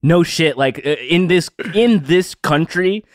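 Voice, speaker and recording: A man's voice: a little high, a little slow, no room sound, clean studio sound. A man co-hosting a podcast, telling a story in a loose, swearing way full of fillers. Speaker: podcast co-host. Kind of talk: casual chat.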